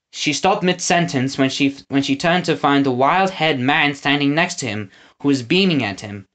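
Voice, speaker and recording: A woman narrating a children's audiobook with an expressive reading style. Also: sits low, normal speed. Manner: expressive reading, lively intonation. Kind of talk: storybook narration.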